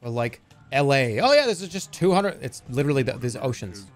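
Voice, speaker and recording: A male streamer in his thirties talks through a game at a home desk mic, in casual commentary. His delivery swings widely in pitch, animated and disbelieving by turns, and soft game music plays faintly behind him. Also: fairly quick. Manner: animated, incredulous, jokey.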